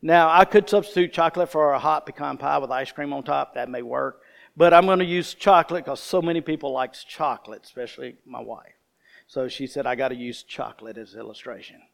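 A man's voice: fairly high pitch, a little fast, gravelly. A man preaching a sermon, telling a homely story and speaking straight to the congregation. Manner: folksy storytelling, addresses the congregation directly. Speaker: pastor.

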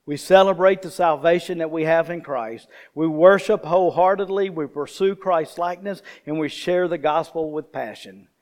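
A man's voice: on the high side, moderate pace, few pauses, darkish tone. Man, pastor, folksy sermon storytelling. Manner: folksy storytelling, addresses the congregation directly.

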